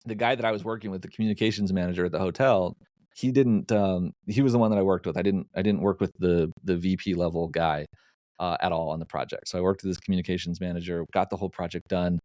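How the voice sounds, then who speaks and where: Male podcast guest, low and dry, chatty storyteller who restarts a lot. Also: fast talker, no room sound. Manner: animated anecdote-telling with frequent restarts. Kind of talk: casual storytelling.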